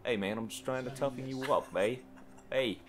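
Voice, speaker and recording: A man putting on a deliberately bad Italian accent, playing a hammy tough guy as a joke. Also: medium pitch, very noisy, voice pushed up, natural voice. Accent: Italian, put on badly. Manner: hammy, exaggerated.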